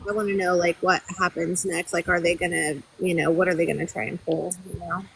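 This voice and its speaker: A woman's voice: on the low side, little pitch movement, a little fast, vocal fry, a bit bright. Eager woman on a noisy line. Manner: eager, curious questioner. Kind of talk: casual group chat.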